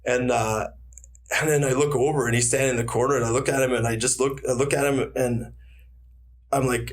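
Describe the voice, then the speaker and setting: Animated man telling a fight story. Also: mid-range voice, a little fast. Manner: animated storyteller, acts out quotes, swears freely. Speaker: guest, retired fighter. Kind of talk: casual storytelling interview.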